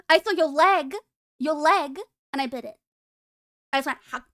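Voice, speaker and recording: High-voiced playful woman streamer. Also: slow, fairly bright tone. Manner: playful and teasing, laughs often. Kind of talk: casual live-stream chat.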